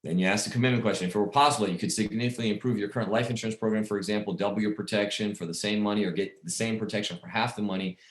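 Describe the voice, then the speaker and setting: A man's voice: fairly low pitch, steady tone, racing, few pauses, reverberant. A man casually coaching insurance agents on sales calls, rambling and repeating himself as he talks. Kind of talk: casual sales training talk.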